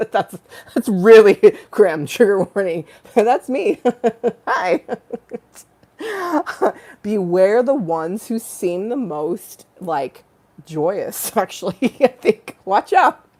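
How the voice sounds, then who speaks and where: A woman's voice: mid-range voice, sing-song, extremely slow, darkish tone. A woman hosting a casual livestream from home, rambling and giggly, swearing freely and breaking into little sung snatches. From Los Angeles-based. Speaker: livestream host. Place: home in a hot room with a fan.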